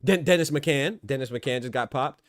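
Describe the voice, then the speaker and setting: A man's voice: mid-range voice, moderate pace, no echo, studio quality. A man hosting a casual boxing talk show, bantering in slang and laughing often. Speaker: host. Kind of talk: casual chat.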